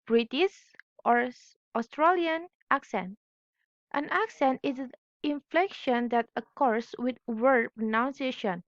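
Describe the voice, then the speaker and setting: Young woman student, first language Indonesian, high voice, slow halting read, dull dry recording. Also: no room sound. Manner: careful, halting, corrects her own slips. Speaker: student presenter. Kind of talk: reading a class presentation.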